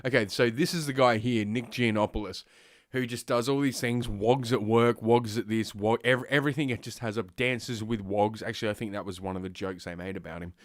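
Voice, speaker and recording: A man's voice: fairly low pitch, fairly even intonation, fairly quick, dry recording, studio quality. An Australian man hosting a streaming show, ranting sarcastically through news stories with a blocked, sniffly nose and plenty of swearing. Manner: profane, sarcastic, rambling. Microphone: desk microphone.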